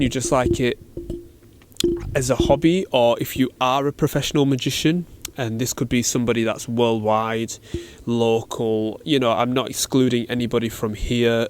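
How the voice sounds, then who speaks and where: A man hosting a casual solo podcast, talking in a chatty, slangy way and acting out little made-up exchanges, recorded in a shop. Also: mid-range voice. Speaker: podcast host. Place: cold shop with fridges.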